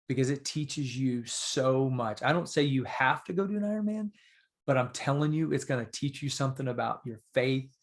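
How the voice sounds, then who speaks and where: A man guesting on a podcast, telling stories in a casual, animated and earnest way. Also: medium pitch. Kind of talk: casual storytelling.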